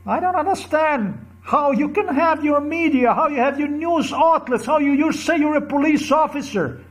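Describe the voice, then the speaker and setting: A man speaks in a fairly high voice, ranting to camera in a heated monologue. He circles back over the same phrases again and again, and his anger breaks out into crude bursts. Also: lively intonation, moderate pace, hardly any pauses. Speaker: vlogger.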